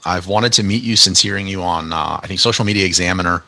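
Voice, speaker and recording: A man's voice: low-pitched, fast, vocal fry, sharp tone, no echo. A man hosting a podcast interview, chatting eagerly and often restarting his words. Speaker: podcast host. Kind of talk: casual interview chat.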